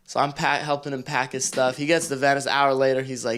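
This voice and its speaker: A man in his twenties, a podcast guest, telling stories in a casual, animated way with laid-back slang and frequent laughs. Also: mid-range voice, brisk, a little hiss or hum. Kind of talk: casual storytelling.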